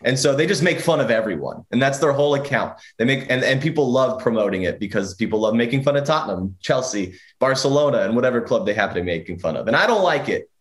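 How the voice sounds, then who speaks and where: A man's voice: mid-range voice, expressive, quick pace, hardly any pauses. Chatty, laughing man hosting sports talk. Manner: laughs often, teasing, chatty. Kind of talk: casual sports chat.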